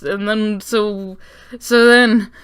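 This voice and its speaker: A woman's voice: mid-range voice, fairly even intonation, very slow, fairly bright tone, clear, resonant tone. A woman hosting a casual lore breakdown, talking sarcastically with lots of swearing and joking asides. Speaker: video essay host.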